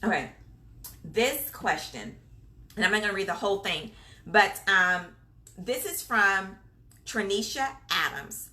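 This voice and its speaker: A woman's voice: mid-range voice, animated, unhurried, long pauses, bright, forceful tone. A woman hosting a casual live-stream Q&A as a childcare business coach, chatty and encouraging. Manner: chatty and encouraging, many fillers, reads viewer comments aloud.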